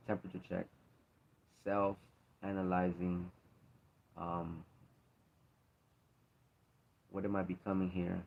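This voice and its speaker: In a casual faith talk, a man with a low voice and vocal fry speaks earnestly and emphatically, repeating himself to drive his points home. The recording is dull and lo-fi.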